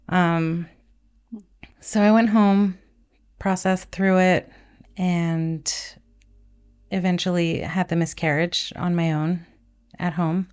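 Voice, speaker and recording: A woman's voice: fairly low pitch, steady tone, takes it slowly, pauses often, a little mellow, clear, resonant tone. A woman who is a nurse, speaking as a podcast guest and telling her own story candidly. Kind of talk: casual conversation.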